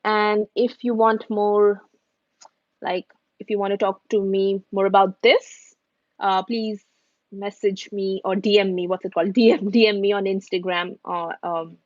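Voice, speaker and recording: A woman's voice: medium pitch, little pitch movement, a little slow, no room sound. A woman, answering questions on a live stream in a chatty, reassuring way. She drops easily into Hindi mid-sentence. The sound is dry and a little dull, as from a home streaming setup. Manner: chatty, reassuring, switches between English and Hindi. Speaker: recruiter and immigration vlogger.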